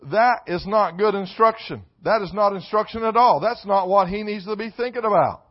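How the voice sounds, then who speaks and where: A man preaching a sermon, repeating key phrases and swinging between quiet asides and shouted emphasis. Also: high voice, moderate pace. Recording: dull lo-fi sound.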